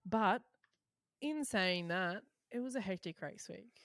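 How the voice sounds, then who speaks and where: A woman co-hosting a casual podcast chat, excitable and full of quick asides. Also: mid-range voice, no room sound, clean studio sound. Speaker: podcast co-host.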